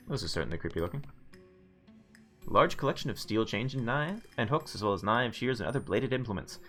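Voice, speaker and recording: A man with a low voice streams a video game, reading its narration aloud and commenting playfully. His pitch rises and falls a lot as he reads with relish. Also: animated, brisk, a bit bright, soft background music. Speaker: let's play streamer.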